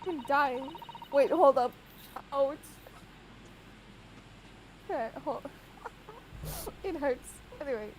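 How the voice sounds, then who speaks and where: A woman chats casually while playing a video game with friends. Her voice is high, and she sounds flustered and giggly. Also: animated, slow, long pauses, a little hiss or hum, poor audio. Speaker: game player. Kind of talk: casual gaming chat with friends.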